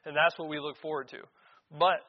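A man with a fairly high voice preaches a sermon, reading verses and then driving points home with repeated words. His voice rings through a church hall with a long reverb. The sound is dull and lo-fi. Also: little pitch movement, fairly quick, slight background noise. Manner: reads scripture aloud then explains it, emphatic repetitions.

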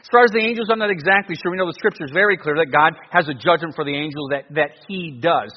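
A male pastor preaching a sermon in an animated way, full of rhetorical questions and frequent restarts. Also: a little high, quick pace. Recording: dull, lo-fi recording with long reverb.

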